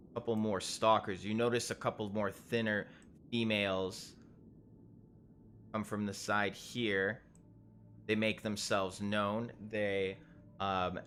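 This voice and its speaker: Guy running a tabletop game, slow and halting, bright voice, lots of ums and restarts. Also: on the low side, a little hiss or hum. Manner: halting, many fillers and restarts, casual profanity. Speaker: game master.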